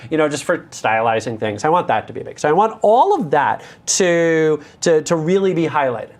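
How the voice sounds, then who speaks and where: An American man teaching a live coding lesson, candid and self-deprecating, with joking asides. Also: high voice. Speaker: instructor.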